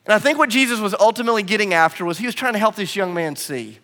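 A male pastor preaching a sermon, moving between loud, emphatic lines and hushed, quiet ones. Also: high-pitched, fast, hardly any pauses. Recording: long reverb of a large room.

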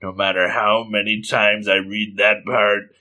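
A man voicing a sadistic, hungry ghoul woman who talks slowly with sweet menace. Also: on the low side, level tone, pushed and bright, voice pushed down. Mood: creepy. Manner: slow, breathy-sweet menace.

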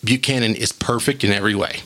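A man telling a rambling, animated story in casual chat as a podcast co-host, acting out quotes as he goes. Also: on the low side, fast.

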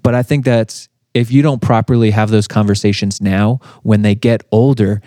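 Low-voiced man telling a family story. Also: normal speed, dry recording, studio quality. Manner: relaxed storytelling with fillers and laughs. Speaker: podcast co-host. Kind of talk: casual faith podcast chat.

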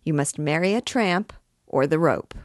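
A woman's voice: low voice, animated, moderate pace, dry recording, studio quality. A woman voicing a boisterous male vagabond king who mocks his prisoner and calls out like an auctioneer, in a storybook reading. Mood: mocking.

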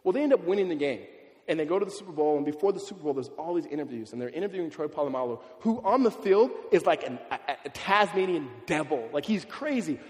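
A man's voice: a little high, lively intonation, fast talker, in a large hall. A man preaching a sermon in a loose, conversational way, often asking "right?" and repeating words as he goes. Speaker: pastor.

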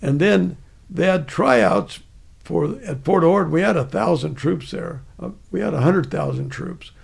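An older veteran rambles through his memories, restarting often. His voice is heavily gravelly and raspy. It sits a little high for a man. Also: a little slow. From United States. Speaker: guest, army veteran. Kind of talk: casual storytelling.

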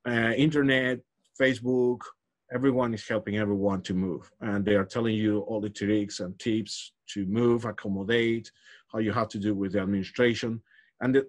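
A man in his forties from Galicia, Spain, a Spanish speaker with a Spanish accent, talking in a casual interview, laughing often and restarting his sentences. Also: lowish voice. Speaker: interviewee, researcher.

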